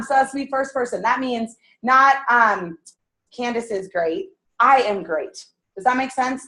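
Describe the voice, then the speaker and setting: A woman in her thirties leads a motivational sales meeting with a fairly high voice. She talks in a lively, animated way and laughs often. She acts out the words people say to themselves. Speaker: sales team leader.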